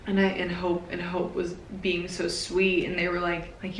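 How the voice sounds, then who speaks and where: Woman in her twenties, confessional vlog, halting and emotional, slightly low voice, faint background hiss. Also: little pitch movement, reverberant, poor audio. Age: 20s. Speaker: vlogger.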